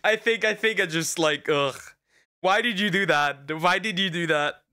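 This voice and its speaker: A man's voice: high voice, moderate pace, pushed and bright. A male streamer reacting casually to a video, blunt and profane.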